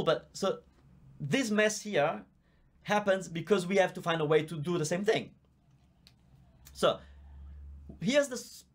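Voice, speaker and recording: Viewer comments get read aloud by this high-pitched male teacher, a native Italian speaker with an Italian accent, in his live online Q&A lesson. He explains patiently and chats, with a microphone visible.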